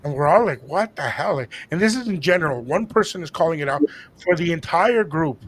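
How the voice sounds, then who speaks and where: A man co-hosting a podcast, telling a story in a casual chat and acting out the dialogue with lively energy. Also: a little high, a little fast. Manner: animated, acts out quoted dialogue. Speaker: podcast co-host.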